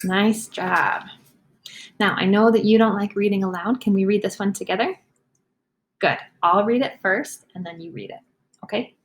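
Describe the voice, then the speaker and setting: A woman teacher, leading a demonstration reading lesson for young students, encouraging and clearly sounding out words. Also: mid-range voice, moderate pace.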